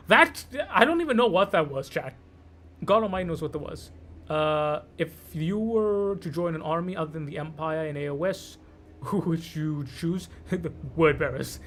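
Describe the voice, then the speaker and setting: A man's voice: fairly high pitch, moderate pace, fairly bright tone, a little hiss or hum. A man from Canada giving loose, sweary, rambling commentary while streaming a game. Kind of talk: casual gameplay commentary.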